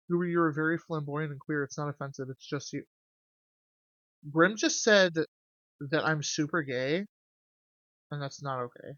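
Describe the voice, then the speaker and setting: Young adult streamer, casual game commentary, swearing asides, mid-pitched voice, slightly dull stream audio. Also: normal speed, long pauses, no echo. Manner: chatty, swearing, animated asides to chat. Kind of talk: casual let's-play commentary, reading game dialogue aloud. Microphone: desk mic with gain adjusted.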